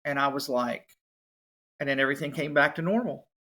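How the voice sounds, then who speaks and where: A man, a musician and podcast guest, telling his story in a casual, animated way. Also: mid-range voice, brisk. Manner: animated, acts out other people's voices.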